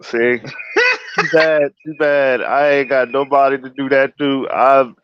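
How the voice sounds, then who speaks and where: A man's voice: mid-range voice, fairly even intonation, measured pace, noisy background. A man hosting a casual talk show, laid-back and slangy. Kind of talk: casual chat. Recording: dry, dull lo-fi audio.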